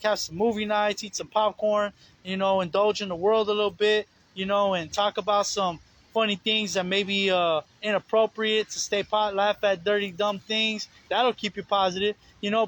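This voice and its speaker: A man's voice: sits high, a bit bright, poor audio. A man preaching informally outdoors, rambling and earnest, with many fillers. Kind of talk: informal sermon. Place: outdoors on the streets.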